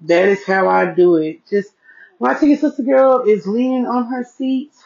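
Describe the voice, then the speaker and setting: A woman with a fairly high, darkish voice and some vocal fry hosts her solo podcast at a moderate pace, chatting folksily into an earpiece mic and often asking "okay?" She's seated at home with her devices, and the recording has a dull lo-fi sound.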